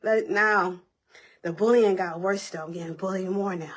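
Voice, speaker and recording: Young woman vlogger with a breathy, husky voice. Repeats herself and talks in slang, telling her story casually. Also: medium pitch, normal speed.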